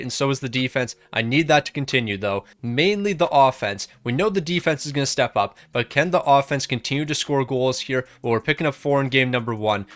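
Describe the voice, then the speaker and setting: Young male gaming creator, energetic play-by-play of his own hockey game run, dry close mic. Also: medium pitch, no room sound. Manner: hyped, talks himself through the games. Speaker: gaming YouTuber.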